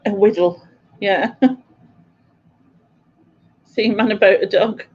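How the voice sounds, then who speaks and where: A woman's voice: medium pitch, steady tone, slow, husky. A British woman hosting a casual live quiz stream, chatting with viewers and laughing often. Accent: British English. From Britain. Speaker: quiz host. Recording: dull lo-fi stream audio.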